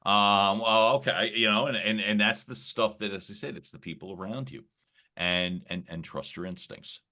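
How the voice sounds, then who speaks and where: A man with a very low voice that still carries a sharp, bright edge. He talks as a podcast guest in a loose, reflective way, circling back with fillers and restarts. There's a slight gravel to his early-morning voice. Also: moderate pace. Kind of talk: casual conversational interview.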